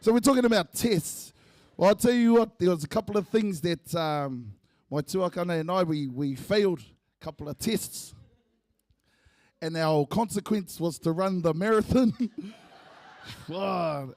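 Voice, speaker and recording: A man's voice: high-pitched, unhurried, no echo, clean studio sound. Joking New Zealand man speaking at a funeral. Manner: jokey, relaxed, uses Māori words. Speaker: eulogy speaker, family member. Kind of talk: humorous eulogy speech. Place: church.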